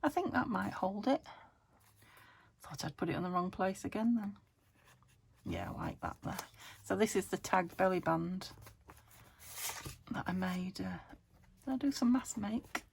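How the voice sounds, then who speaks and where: A British woman hosting a craft channel, chatting casually as she works, talking to her materials with murmured asides and a slightly croaky voice. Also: medium pitch, very animated, a little slow, pauses often, a little hiss or hum. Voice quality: a bit croaky. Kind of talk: casual chat while crafting.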